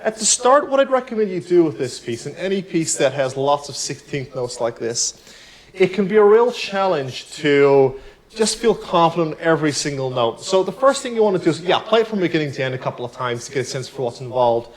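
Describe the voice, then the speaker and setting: A man giving a piano tutorial, explaining technique in a relaxed, explanatory way. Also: fairly high pitch, a little fast, low-quality recording. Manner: relaxed, explanatory, counts beats aloud while playing. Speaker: piano teacher. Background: piano playing.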